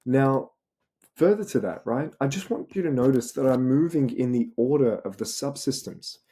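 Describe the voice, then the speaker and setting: A man's voice: mid-range voice, animated, normal speed, dark tone. A young man with an Australian accent tutoring students in an informal lesson, asking rhetorical questions and saying "right?" again and again. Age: young adult. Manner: rhetorical, repeats "right?" and "you know". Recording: noisy recording with keyboard clicks.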